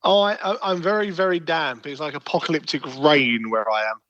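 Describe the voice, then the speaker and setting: A man with a fairly high voice co-hosting a podcast, chatting loosely and poking fun at himself. He laughs easily, and his voice sounds close and dry with no room sound. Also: fairly quick, fairly bright tone, dry recording, highs cut off. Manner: self-mocking, laughs easily. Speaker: podcast co-host. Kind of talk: casual podcast chat.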